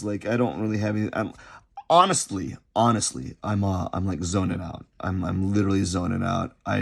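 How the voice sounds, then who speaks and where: Rambling gravelly man sketching. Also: medium pitch. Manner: rambling, halting, repeats himself. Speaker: artist vlogger. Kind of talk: unscripted casual chat while sketching.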